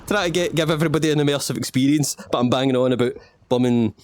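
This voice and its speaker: A man's voice: medium pitch, fast talker. A Scottish man hosting a let's-play, rambling in self-mocking jokes and asides to the viewer while he plays. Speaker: gaming channel host. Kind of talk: playful let's-play commentary.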